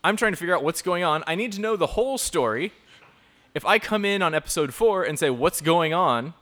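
A man's voice: sits high, animated, fast, bright, forceful tone. A man hosting a live talk for young people, joking and improvising tangents as he explains. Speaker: youth talk presenter and show host. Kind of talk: live talk to a youth audience.

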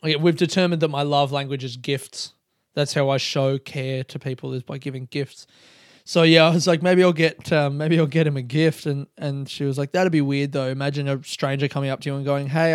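A man's voice: mid-range voice, fairly even intonation, brisk, no echo, clean studio sound. A young man hosting a podcast, rambling, self-mocking and swearing often as he talks alone. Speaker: podcast host. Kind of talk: casual solo monologue.

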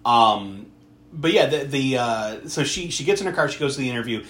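A man talks through a movie's plot with real animation, his pitch swinging up and down as he goes. He swears freely in relaxed banter. The recording sounds roomy and echoey. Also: a little fast. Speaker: podcast co-host. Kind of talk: casual movie recap chat. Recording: roomy echo.

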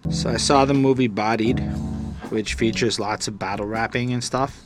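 A man's voice: medium pitch, steady tone, moderate pace. Chatty man riffing casually over music. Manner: loose, rambling, joking, frequent "you know what I'm saying". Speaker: podcast co-host reviewing an album. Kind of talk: casual chat.

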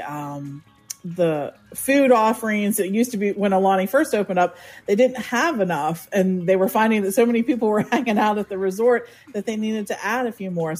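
A woman co-hosting a podcast, giving practical travel advice in a steady way with frequent ums. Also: medium pitch, normal speed, soft background music.

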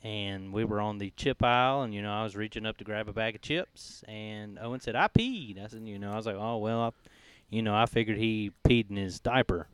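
A man in his thirties who talks easily as a podcast co-host, his voice smooth and clear. The recording is dry, with almost no room sound. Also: lowish voice, little pitch movement, a little fast, a bit bright, no room sound. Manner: easygoing storyteller, chuckling, "oh, man". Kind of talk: casual chat.

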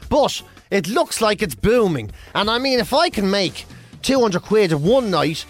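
An Irish man co-hosting a radio show, telling a self-mocking story with lively, animated delivery. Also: high voice, measured pace, soft background music. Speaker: radio co-host. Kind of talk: casual radio banter.

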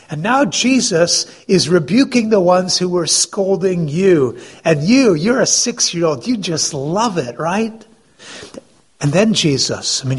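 A man preaching in a storytelling way, slightly high and husky. He pulls his listeners into the scene and poses questions to them. The tone is that of a pastor speaking to his congregation. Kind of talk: sermon.

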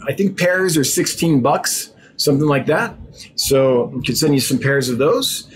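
Speaking in a fairly high voice over poor audio with slight hiss or hum, a man who sells aquarium fish riffs on his own stream, stumbling through ums and restarts and growing animated as he talks about the fish.

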